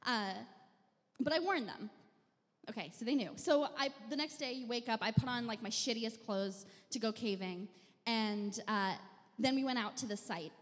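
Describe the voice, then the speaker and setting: A young woman telling a funny personal story on stage in a wry, self-mocking, deadpan way. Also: fairly high pitch, normal speed. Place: live venue stage. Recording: long hall reverb.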